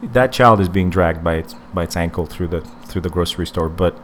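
A man's voice: low voice, a little fast, slight background noise. A man hosting a podcast, rambling through casual stories, swearing and laughing as he goes. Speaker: podcast host. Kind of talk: casual chat.

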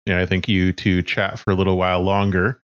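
A man's voice: low-pitched, little pitch movement, fairly quick, muffled recording, slight background noise. A man narrating as game master in a casual way, with fillers and hesitations.

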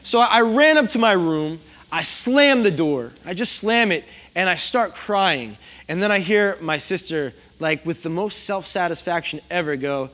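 Guy preaching, pretty high voice, chatty, keeps asking the crowd stuff. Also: expressive, unhurried, few pauses, a bit bright. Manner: conversational, asks the congregation questions. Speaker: pastor. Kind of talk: sermon. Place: church hall before a congregation.

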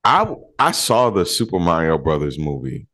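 A man's voice: extremely low pitch, sing-song, normal speed, fairly bright tone. A man co-hosting a casual film podcast, talking bluntly and swearing freely. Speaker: podcast co-host.

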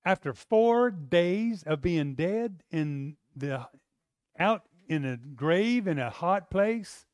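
Man, preacher, high-pitched, emphatic sermon delivery, loud-to-soft swings, acts out scenes. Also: lively intonation, slow pace, no room sound, studio quality.

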